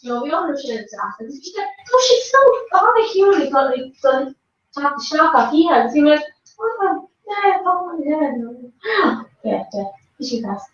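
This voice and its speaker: A woman's voice: high-pitched, very animated, moderate pace, fairly bright tone. A young woman chatting casually with friends, rambling and laughing often. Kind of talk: casual chat among friends. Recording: echoey, distant, dull lo-fi.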